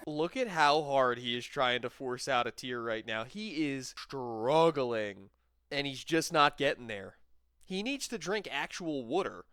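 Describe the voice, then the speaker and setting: A man hosting a commentary channel, talking over clips in a dry, mocking, deadpan voice. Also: medium pitch, unhurried, smooth, no room sound.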